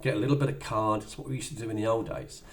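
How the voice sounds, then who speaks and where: A man's voice: on the low side, fairly even intonation, rapid-fire, a little hiss or hum. A middle-aged man giving a motivational sales talk in a chatty way, acting out little dialogues as he goes. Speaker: business trainer.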